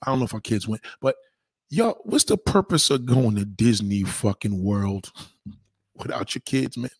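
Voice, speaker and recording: A husky-voiced man rants, sweary and heated. His voice swings up and down all over, and the sound is dry and close. He jumps from loud bursts to low muttering. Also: expressive, normal speed, no echo. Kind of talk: profane ranting monologue.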